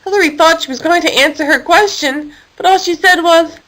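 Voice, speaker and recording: A woman reading a children's animal story aloud in a lively, expressive way. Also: very high voice, a little fast, rough recording.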